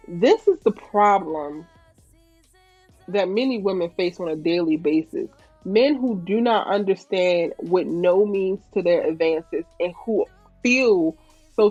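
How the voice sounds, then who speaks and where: A woman's voice: medium pitch, no echo. Woman, recap host, exasperated chatty delivery, dry lo-fi track. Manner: animated, exasperated, reads viewer comments. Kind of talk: casual recap commentary.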